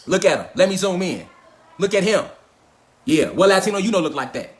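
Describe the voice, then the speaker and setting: A man's voice: high-pitched, lively intonation, fast talker, a bit bright. A man giving a profane, emphatic livestream lecture into a phone or webcam, repeating rhetorical questions. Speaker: online lecturer. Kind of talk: animated livestream rant.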